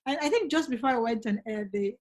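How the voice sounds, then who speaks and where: A woman's voice: fairly high pitch, fast talker, darkish tone. A middle-aged woman, a guest author telling stories in earnest and acting out the voices she quotes. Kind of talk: casual conversation.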